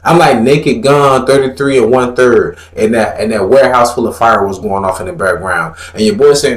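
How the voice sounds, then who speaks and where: A man's voice: mid-range voice, normal speed, reverberant. A man giving blunt, profane religious commentary in a fiery, preachy manner, mocking others in put-on voices.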